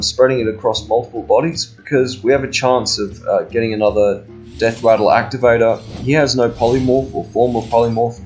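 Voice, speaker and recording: A man giving casual, sarcastic and profane commentary over his own gameplay. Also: medium pitch.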